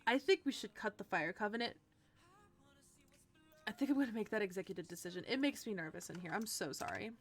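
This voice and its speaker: A woman's voice: mid-range voice, lively intonation, fairly quick, long pauses, faint music behind. A young woman streaming to her viewers in a bubbly, giggly casual chat.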